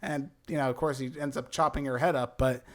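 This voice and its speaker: A man's voice: medium pitch, fairly even intonation, brisk. A young man co-hosting a casual movie review chat, talking with enthusiasm and now and then slipping into a showy announcer tone. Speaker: movie review show co-host.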